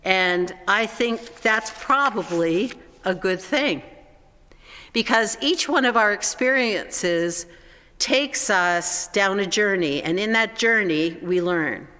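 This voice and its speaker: Pastor preaching, slow and gentle, mid pitch, long church reverb. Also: expressive. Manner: slow, gentle preaching, falling soft at phrase ends. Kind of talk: sermon. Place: church sanctuary. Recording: echoey church hall.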